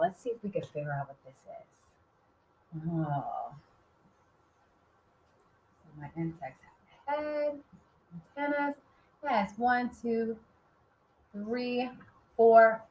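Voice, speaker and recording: A woman teaching a writing lesson to young children, sounding out letters slowly and cheerfully. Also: on the high side, fairly bright tone, echoey room.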